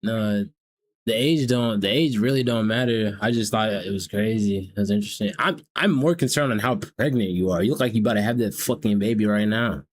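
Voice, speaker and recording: On his live stream, a young man from the American South jokes at strangers' expense in loose, profane talk. He speaks a little fast, with a fairly low voice.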